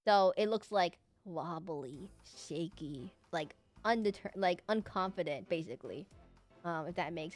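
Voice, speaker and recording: Young female VTuber, casual self-deprecating streamer chatter, soft music under her. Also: lowish voice, normal speed. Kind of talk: casual chat while drawing live.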